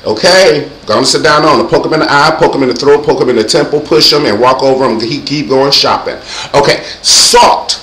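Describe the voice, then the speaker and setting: A man hosting his own show, giving comedic safety advice in a sassy, animated way and acting out loud yells. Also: medium pitch, brisk, roomy sound, slight background noise, low-quality recording. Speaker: vlog host.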